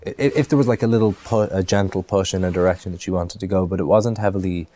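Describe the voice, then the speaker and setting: A man's voice: low-pitched, fast talker, warm tone. A man from Ireland, an actor, answering interview questions in a thoughtful way, with many restarts and fillers.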